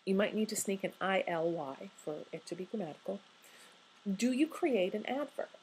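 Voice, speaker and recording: A woman's voice: medium pitch, animated, normal speed, a little mellow, slight background noise, poor audio. A woman giving a recorded university grammar lecture, conversational and wry, often posing questions to her students.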